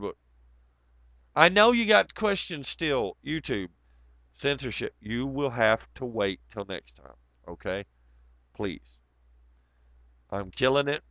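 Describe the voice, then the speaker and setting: A man rambles through a late-night livestream, sardonic and profane, his voice hoarse and worn down. Underneath the strain the tone stays smooth and even. The recording is dry and a little dull, as from a basic home mic. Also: medium pitch, no room sound. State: hoarse, voice nearly gone. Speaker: livestream host. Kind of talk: casual livestream chat.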